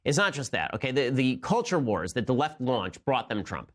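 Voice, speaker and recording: A man's voice: medium pitch, sing-song, fairly bright tone. A man hosting a political commentary show, delivering a sarcastic, argumentative monologue. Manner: rapid-fire, sarcastic, argumentative.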